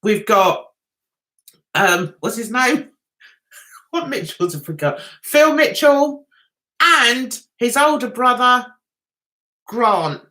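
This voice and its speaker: A woman's voice: fairly high pitch, animated, takes it slowly, long pauses, bright, forceful tone. A woman with a London accent touched by Essex, hosting a casual live chat and talking to viewers in a chatty, sarcastic, teasing way. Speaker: livestream host.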